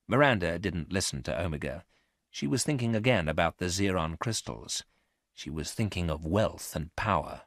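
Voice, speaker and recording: Man narrating a learners' storybook, lowish voice, slow and clear, dry close mic. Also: expressive, no echo. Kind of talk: scripted narration of a graded reader.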